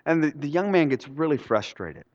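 Male pastor, conversational sermon storytelling, slightly high voice, echoey church hall, dull sound. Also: sing-song, normal speed, a little hiss or hum. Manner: conversational storytelling, asks the congregation questions.

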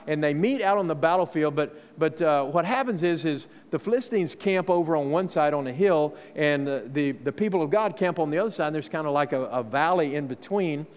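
A man's voice: on the high side, smooth. A man preaching a sermon, telling the story in a folksy way and acting out the characters. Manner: folksy, acts out quoted voices, many fillers. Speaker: pastor. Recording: long hall reverb.

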